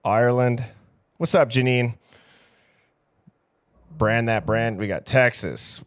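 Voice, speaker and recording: A man's voice: medium pitch, fairly even intonation, slow, no room sound, clean studio sound. A man hosting a casual livestream, chatting easily and reading viewer names aloud. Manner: reads chat names aloud, easygoing and chatty. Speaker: livestream host.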